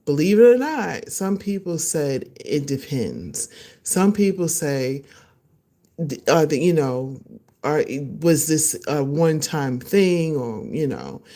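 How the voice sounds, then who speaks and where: Animated, laughing woman podcast host. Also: low-pitched. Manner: animated, laughing, acts out voices of others. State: excited and a little nervous. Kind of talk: casual solo livestream chat.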